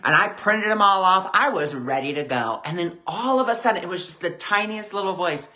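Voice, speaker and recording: A woman's voice: on the low side, lively intonation, moderate pace, pushed and bright. A woman hosting a weekly spiritual discussion, talking conversationally and acting out voices in her stories. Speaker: spiritual teacher.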